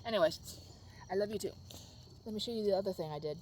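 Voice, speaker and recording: A woman vlogging from her backyard garden at dusk, filming on a phone as she walks. She rambles and vents, swinging from soft musing to loud, exasperated outbursts. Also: mid-range voice, fast talker, slight background noise. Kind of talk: casual venting vlog.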